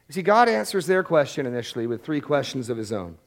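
A man's voice: medium pitch, very animated, fast. A man preaching a Bible-teaching sermon in a conversational way, often repeating words as he restarts a thought.

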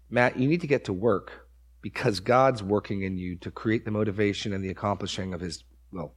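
A man's voice: on the low side, normal speed, slightly rough. A man preaching an expository sermon, emphatic, repeating phrases for stress and putting questions to the congregation. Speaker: pastor.

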